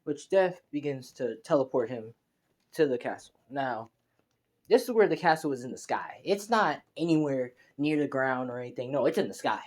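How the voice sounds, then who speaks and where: A man's voice: medium pitch, expressive, normal speed, a little mellow. A young man narrating a fan story casually, in a rambling, slangy way. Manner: rambling, slangy, many fillers and restarts.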